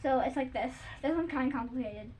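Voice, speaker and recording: Speaking briskly in a high-pitched, slightly mellow and slightly rough voice, a little girl explains her silly jumping tricks as a kids' video host. Her chat is giggly and full of "like," with sung bits mixed in, all captured in a dull lo-fi home recording.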